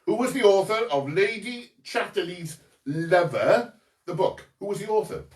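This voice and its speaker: A man hosts a homemade quiz, reading each question slowly and then repeating it. His voice is high and swoops around a lot, and he sits back from the microphone in an echoey room. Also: animated. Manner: slow, deliberate reading, repeating each question and mimicking local accents. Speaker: quiz host. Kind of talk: home lockdown quiz, reading questions aloud. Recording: roomy, distant from mic.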